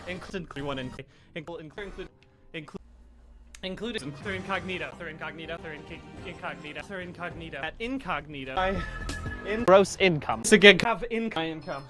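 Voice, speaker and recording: An animated man fires off a rapid supercut of clipped single words, his voice sitting on the high side. His jumpy delivery swings between loud bursts and quiet mutters, all over clearly audible background music.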